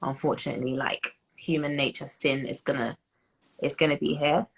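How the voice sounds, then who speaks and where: A woman's voice: low-pitched, little pitch movement, normal speed, gravelly, slightly rough, low-quality recording. A woman in her twenties with a British accent, talking reflectively as a guest in an interview, with many fillers and restarts. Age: 20s. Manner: reflective, many fillers and restarts, laughs as she tells stories. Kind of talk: interview conversation.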